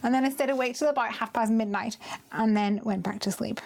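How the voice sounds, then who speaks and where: A woman's voice: a little high, brisk, gravelly, darkish tone. A woman hosting a card making live stream, chatting and telling stories with frequent laughs. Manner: chatty storytelling, laughs often. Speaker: craft live stream host. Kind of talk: casual chat while card making.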